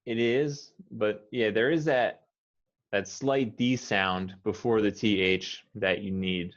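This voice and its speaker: A man's voice: fairly low pitch, fairly even intonation, highs cut off. Patient American male pronunciation teacher. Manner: patient, corrective, models words slowly. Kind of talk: one-on-one pronunciation lesson.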